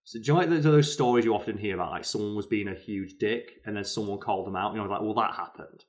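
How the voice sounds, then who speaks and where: A British man co-hosting a casual chat, telling stories in an animated way with lots of fillers. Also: fairly low pitch, fast talker. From Britain. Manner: animated storyteller, many fillers. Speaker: podcast co-host.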